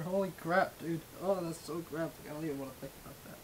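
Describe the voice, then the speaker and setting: A man's voice: a little high, quick pace, few pauses, breathy edge, rough recording. Swearing man with a slight speech impediment. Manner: profane, rambling, self-deprecating. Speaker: Minecraft server staff streamer. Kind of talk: casual live-stream rant. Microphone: webcam microphone.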